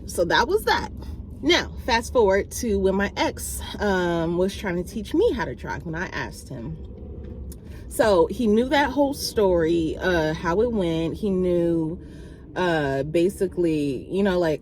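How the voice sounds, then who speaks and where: Lively woman vlogger telling a story. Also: a little hiss or hum. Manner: animated, acts out quoted exchanges with big pitch jumps; many fillers and restarts, talks to viewers directly. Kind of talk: casual storytelling to camera.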